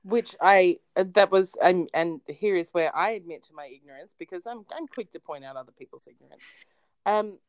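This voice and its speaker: A woman with an Australian accent, co-hosting a casual podcast chat and telling lively stories with frequent laughs. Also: fairly low pitch, a little fast, dry recording, dull audio. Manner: animated storyteller, laughs often. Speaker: podcast co-host.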